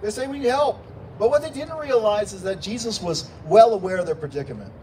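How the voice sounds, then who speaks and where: A male pastor preaching a sermon in a church, animated and climbing into shouts when he voices a plea. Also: high voice, fast talker. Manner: animated, rising to shouts when quoting pleas. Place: church sanctuary. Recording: distant mic with faint room noise.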